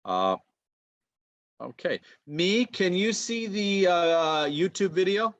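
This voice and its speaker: A man's voice: high voice, lively intonation, slow pace. A man giving an online pronunciation lecture, chatty and checking in with his listeners. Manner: chatty, peppers talk with "okay" and checks in with listeners. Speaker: university lecturer. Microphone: computer mic on a video call.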